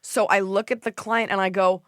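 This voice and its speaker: A woman hosts a casual comedy podcast, swinging into animated stories and acting out what people said. Her voice sits at a middling pitch. The sound is close and dry, with no room echo. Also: normal speed, clean tone. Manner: animated storytelling, acts out quotes, swears freely. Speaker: podcast host.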